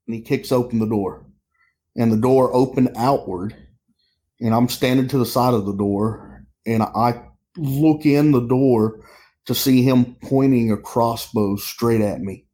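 Mellow-voiced man recounting an incident. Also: medium pitch. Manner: halting, many restarts and repeats. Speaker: sheriff's deputy telling his story. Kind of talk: interview storytelling.

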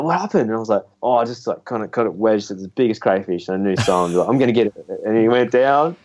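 A man's voice: lowish voice, darkish tone. A young Australian man telling rambling, laughing stories as a guest on a podcast. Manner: laid-back, rambling, laughs through his stories. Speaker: spearfishing guest. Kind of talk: casual storytelling in a podcast interview.

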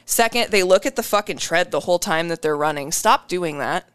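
A woman co-hosting a casual fitness chat, blunt and animated, swearing freely as she gives coaching advice. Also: lowish voice, fairly quick, smooth.

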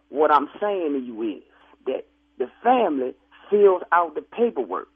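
A man's voice: high voice, slightly rough. A man working at a funeral home, arguing defensively on the phone and stammering as he pushes back. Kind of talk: heated phone argument. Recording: tinny phone line.

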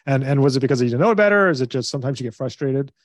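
A man's voice: medium pitch, animated, racing, no echo. Earnest man giving parenting advice. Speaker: parenting coach and guest. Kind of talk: conversational interview.

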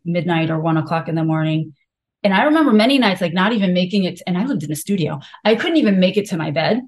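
A woman physician, a podcast guest, telling her own story candidly and frankly, with many filler words. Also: medium pitch. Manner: frank, confessional, heavy use of filler words.

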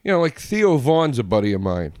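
A man's voice: mid-range voice, no room sound. Guy cohosting a comedy podcast, voice bouncing all over, swears a lot, dry close mic. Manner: animated, swears freely, jumps into quick impressions. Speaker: podcast co-host. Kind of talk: casual comedy podcast chat.

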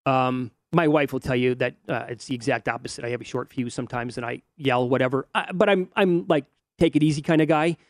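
A man's voice: mid-range voice, a little fast, few pauses, no room sound, clean studio sound. A middle-aged man hosting a sports betting talk show, animatedly narrating fan videos with mock outrage. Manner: animated, mock-outraged, acts out fans' lines. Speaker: sports betting radio host.

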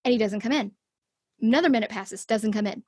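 A woman's voice: fairly high pitch, a little fast, darkish tone, slightly rough, no echo, clean studio sound. A middle-aged woman, a podcast guest, telling a personal story in a conversational interview and acting out her own thoughts.

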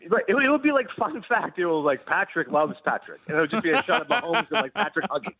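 A Canadian-born man, a guest sports broadcaster, telling stories in an animated, quick way on a casual sports radio show. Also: high voice, no room sound. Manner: animated storyteller, quick, laughs often. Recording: tinny phone-line remote audio.

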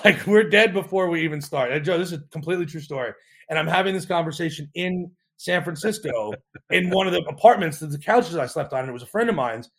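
A man, a startup co-founder, telling an animated story in a podcast interview, acting out quotes with frequent restarts. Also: a little high, fast talker, creaky.

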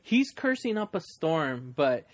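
Man co-hosting a chat, a little higher voice, excited, quotes lines. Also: slow. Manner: excited, laughing, quoting lines with put-on voices. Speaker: podcast co-host. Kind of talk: casual chat.

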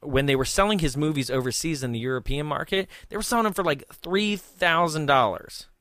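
A man hosting a film commentary chat, telling a story in a lively way, acting out quotes and laughing often. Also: fairly high pitch, brisk, no room sound, studio quality. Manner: animated, acts out quoted voices, laughs often. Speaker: film commentary podcast host.

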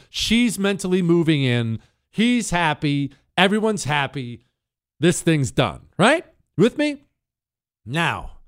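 A man hosting a talk show, telling a long story in an emphatic way and talking straight to his listeners. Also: a little high. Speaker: radio show host.

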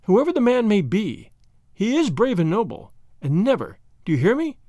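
A man reading aloud, voicing a proud, spirited young noblewoman with raised pitch and lofty scorn. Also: wildly swooping pitch, normal speed, mellow, no room sound, full character voice. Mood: indignant.

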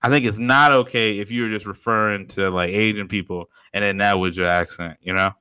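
Bright, crisp-voiced young guy chatting. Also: on the low side, steady tone, a little fast, no echo. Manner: easygoing, slangy, laughs often. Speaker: podcast co-host. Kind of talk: casual chat.

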